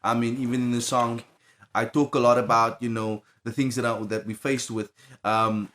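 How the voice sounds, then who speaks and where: A man's voice: mid-range voice, flat delivery, normal speed, fairly bright tone. A man, a music producer guest, speaking earnestly and reflectively, with hesitations. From South Africa. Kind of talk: casual interview.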